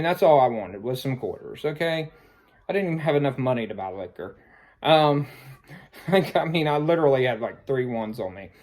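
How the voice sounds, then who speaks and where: A man's voice: mid-range voice, darkish tone. A man casually telling a personal story, rambling and sheepish, filling his talk with "like" and "I mean.". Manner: self-conscious, sheepish.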